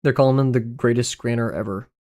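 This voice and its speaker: Man, streamer, casual livestream chatter, profane, jokey, rambling, middle pitch. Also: steady tone, quick pace, darkish tone.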